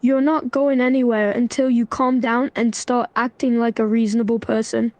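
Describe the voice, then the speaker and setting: A synthetic woman's voice speaking as a stern young man, scolding in a flat, even manner. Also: on the high side, moderate pace, dry recording, natural voice. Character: stern young man trying to stop a fight. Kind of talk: AI role-play chatbot voice.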